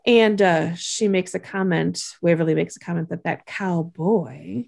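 A woman with a low, gravelly voice talks through a TV episode in a relaxed, chatty way. She runs through the scenes quickly and laughs often as she goes. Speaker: podcast co-host recapping a TV episode. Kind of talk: casual chat, episode recap.

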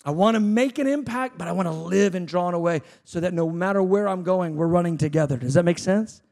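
A male preacher with a high, gravelly voice delivers a fervent sermon. He surges into shouted appeals, then drops to a hushed, chatty, self-deprecating storytelling tone. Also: fairly quick. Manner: conversational, self-deprecating anecdotes.

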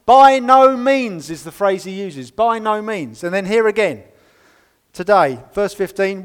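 A man preaching to his congregation in a somewhat high voice, leaning hard on emphatic words before falling back to quiet, conversational asides. The sound carries a long reverb from the church hall around him. He mixes scripture reading with plain, wry commentary. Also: expressive, a little fast, clear, resonant tone. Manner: emphatic, swinging between loud stresses and quiet asides. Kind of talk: sermon.

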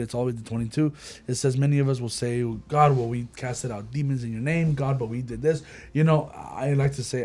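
A man hosting a casual faith discussion with young people, who acts out the voices of the people he quotes. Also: medium pitch. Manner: animated, acts out quoted speech.

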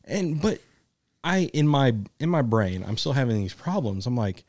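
A man's voice: mid-range voice, big pitch swings, normal speed, a little mellow, dry recording. A man co-hosting a podcast, telling a rambling story with frequent laughs and casual swearing. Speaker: podcast co-host. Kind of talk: casual chat.

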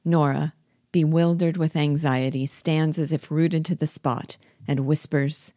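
A woman with a low voice reads a play aloud, speaking the stage directions in a clear, even way. She is recorded close, with a dry sound. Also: a little slow, no echo. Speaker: reader and guide.

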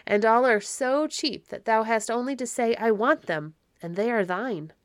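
A woman's voice: a little high, moderate pace, no room sound, clean studio sound, voice pushed up, natural voice. A woman voicing a sly one-eyed male peddler who coaxes in old-fashioned speech. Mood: wheedling.

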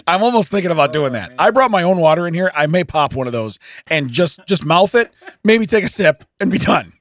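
Hoarse man telling an animated story. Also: on the high side, brisk. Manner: animated, laughs often, acts out the people he quotes. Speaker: podcast co-host. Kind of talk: casual chat, telling a story. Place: podcast studio.

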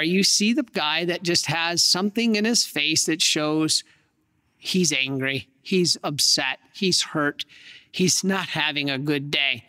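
Earnest priest preaching in a reverberant hall. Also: male voice, a little high, bright, forceful tone. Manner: earnest, dramatic storytelling with pauses. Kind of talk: sermon storytelling.

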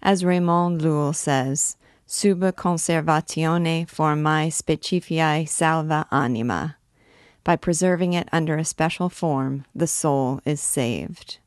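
A woman reading aloud, voicing a grave, brooding older male archdeacon who speaks very quietly. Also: sits low, slow, no room sound, clean studio sound. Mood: hushed. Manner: very quiet, hushed.

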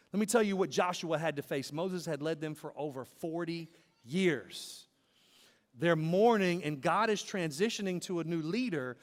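A man preaching a sermon as pastor, in a rhythmic style with repeated phrases that build to emphatic peaks. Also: high voice. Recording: long hall reverb.

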